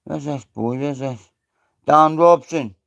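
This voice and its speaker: On a muffled recording, a Scottish livestream host speaks slowly in a slightly high, gravelly voice with a bit of brightness. His casual stream is full of rambling and free swearing, and he greets viewers by name.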